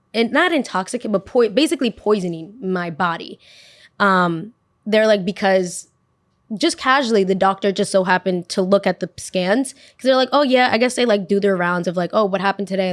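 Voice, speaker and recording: A young woman hosting a podcast, telling a personal story in a lively, casual way and acting out what the people in it said. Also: medium pitch. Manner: animated, acts out what people said. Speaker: podcast host.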